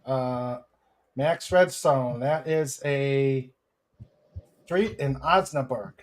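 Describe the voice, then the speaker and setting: A man's voice: medium pitch, very slow. A man hosting a casual livestream chat, reading out viewer comments with lots of hesitation and fillers. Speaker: host.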